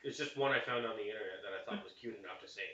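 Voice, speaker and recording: A man's voice: on the low side, very fast, pushed and bright. A young man, co-hosting a podcast in casual chat, teasing his friends and arguing his point. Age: young adult. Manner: teasing, mock-apologetic, argumentative. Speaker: podcast co-host. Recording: roomy, distant, dull lo-fi mic.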